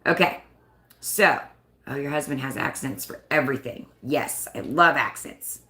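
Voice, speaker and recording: Chatty low-voiced woman livestream host. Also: unhurried, pushed and bright, reverberant. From United States. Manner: chatty, rambling, self-conscious. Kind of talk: casual live chat.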